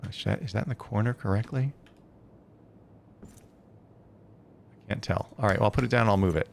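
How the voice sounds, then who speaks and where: A man's voice: fairly low pitch, moderate pace, gravelly, a little hiss or hum. A man live-streaming a building game, chatting casually and thinking aloud with many hesitant self-corrections.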